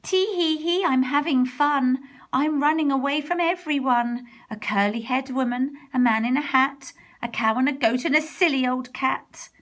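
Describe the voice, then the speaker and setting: A woman voicing a cheeky, boastful little gingerbread man with a high, sing-song, giggly voice. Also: moderate pace, fairly bright tone. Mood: singing cheekily.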